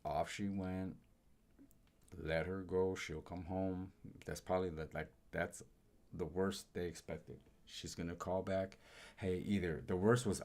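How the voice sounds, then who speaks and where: A man co-hosting a live stream, talking casually and haltingly with many pauses and restarts. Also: sits low, steady tone, darkish tone. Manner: halting, full of fillers and restarts. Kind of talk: casual live reaction chat.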